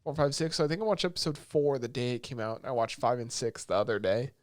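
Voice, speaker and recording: A man co-hosting a podcast, excitedly retelling scenes in casual chat and swearing often. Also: mid-range voice, fast, no echo, studio quality. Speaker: podcast co-host.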